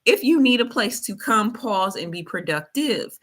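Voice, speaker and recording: Woman hyping folks up about God and self-care, repeats herself, casual slang, bright voice. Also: mid-range voice, expressive, moderate pace. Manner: preachy, repetitive, colloquial. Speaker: host. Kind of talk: motivational faith talk.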